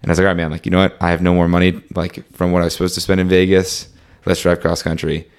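A young man with a deep, clear, resonant voice talks very fast in a monotone. In casual conversation he rambles through a long travel story, full of "like" and "um," acting out what he and his friends said.

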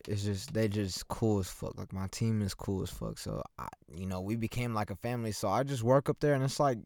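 A man's voice: mid-range voice, no echo. A young man from Oklahoma talking alone into a microphone in his parked car, loose, profane and rambling as host of a solo chat. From Oklahoma, USA. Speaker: podcast host. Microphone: microphone with headphones.

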